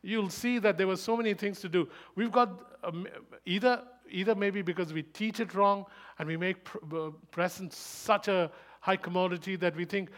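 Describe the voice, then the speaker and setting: A man delivering a sermon at a quick clip, his voice sitting a little high. He drives his points home with rhetorical questions and repeats key words with rising force. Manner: emphatic, rhetorical questions, rises to loud bursts; speaks fast. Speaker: preacher.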